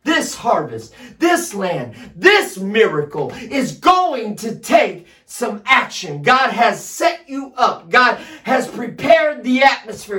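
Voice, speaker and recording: A man pastor delivers a sermon in a strikingly high voice that climbs into loud shouted calls. He drives each point home with repeated refrains. He sounds set back from the mic, somewhat distant. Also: very animated, takes it slowly, few pauses. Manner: preaching with rising shouted emphasis. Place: streamed service addressed to home viewers.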